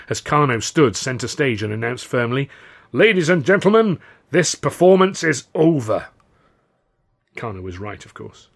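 Brief: male author-narrator, husky, brisk and wry. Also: lowish voice. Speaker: author reading his novel. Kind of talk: scripted narration.

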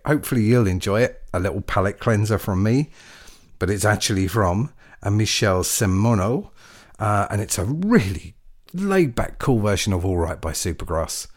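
A man's voice: on the low side, lively intonation, moderate pace. A man hosting a radio show, chatting casually and rambling between tracks with chuckling asides. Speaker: radio DJ host.

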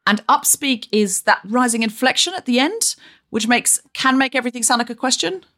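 A woman's voice: a little high, lively intonation, brisk, pushed and bright. Enthusiastic woman podcast host. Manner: curious, enthusiastic interviewer. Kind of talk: remote podcast conversation. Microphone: remote recording over an online call.

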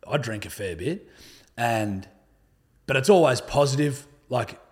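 A man's voice: mid-range voice, expressive, unhurried, slightly rough. A young Australian man telling stories in a casual, laid-back way, swearing often and filling his talk with "like". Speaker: podcast guest. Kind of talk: casual conversational storytelling.

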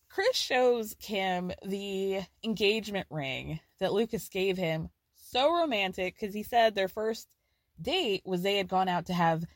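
In a clean studio recording with no room sound, a female podcast host with a mid-range voice chats through a reality show recap. It's casual pop culture talk, profane and punctuated by frequent laughter.

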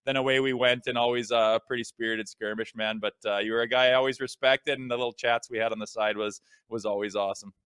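30s guy cohosting, smooth clear voice, dry close mic, laid-back storytelling. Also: medium pitch, fast talker, hardly any pauses, no room sound. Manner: relaxed storyteller, swears casually. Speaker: co-host, former hockey player. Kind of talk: casual podcast chat.

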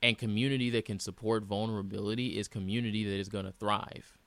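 A man hosts a reflective personal monologue in an earnest voice that sits on the low side but has a tense, bright edge. He circles back and repeats phrases for emphasis. The sound is dry, with no room around it. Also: steady tone, fast, vocal fry, no echo.

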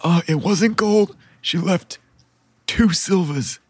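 A man narrating as game master in a relaxed, chatty, laid-back way. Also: high voice, slow, breathy edge, dry recording.

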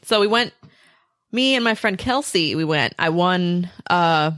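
A woman's voice: fairly low pitch, lively intonation, a little slow, a bit bright, no room sound, studio quality. A young adult woman chatting casually as a podcast guest, telling stories with lots of fillers. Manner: chatty storyteller, filler-heavy, laughs often. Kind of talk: casual chat.

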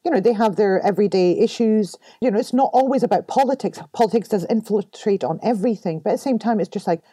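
Warm-voiced woman, lightly Scottish-tinged. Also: medium pitch, fast, breathy edge, no echo. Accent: American-tinged English with a light Scottish touch. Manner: candid and expressive, laughs often. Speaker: podcast guest. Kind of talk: casual interview talk. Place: home room.

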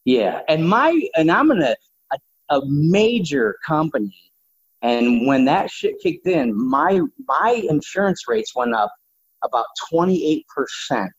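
A man's voice: a little high, big pitch swings, unhurried, husky. A man talking bluntly and combatively, swearing freely in casual opinionated talk. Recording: dull lo-fi sound.

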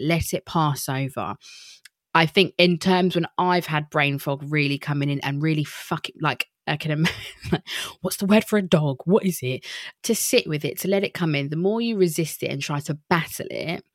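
A woman's voice: low-pitched, dry recording, clean studio sound. Candid swearing woman podcaster. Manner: candid, swears freely, laughs often. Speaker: podcast host. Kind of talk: casual podcast monologue.

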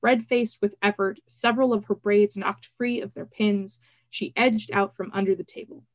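A woman podcast host reading a novel excerpt aloud in a steady, even voice. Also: mid-range voice, moderate pace, no room sound. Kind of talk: book reading. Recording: slightly dull, dry recording.

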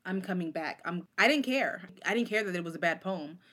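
A woman in her forties with a somewhat low voice tells stories from her life. She keeps the talk casual and animated, dropping into quoted voices as she goes. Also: fairly quick. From Oakland, California. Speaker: poet and guest. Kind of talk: casual interview storytelling.

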